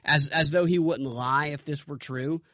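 A man's voice: fairly high pitch, steady tone, normal speed, bright, forceful tone, no echo, studio quality. A man co-hosting a political podcast, making his points with rhetorical questions. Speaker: podcast co-host. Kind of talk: casual political podcast chat.

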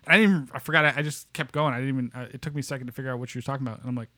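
A man co-hosting a podcast in loud, profane, casual banter, laughing often. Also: medium pitch, fairly even intonation, rapid-fire. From United States. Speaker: podcast co-host.

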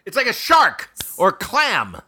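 A man co-hosting a casual game chat, guessing quickly, blunt and incredulous. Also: high-pitched, wildly swooping pitch, bright, forceful tone, slight background noise. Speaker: podcast co-host.

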